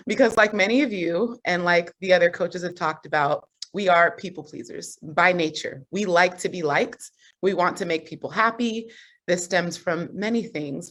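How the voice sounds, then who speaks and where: Animated woman coaching on a call. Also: on the low side. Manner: animated storytelling with frequent laughs. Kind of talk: motivational group call talk.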